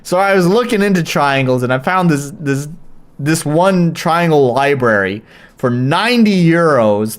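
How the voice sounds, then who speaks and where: An unhurried live streamer chatting casually, full of swearing and restarts. The pitch swings widely from phrase to phrase. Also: lively intonation. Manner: frequent swearing, rambling with restarts and fillers.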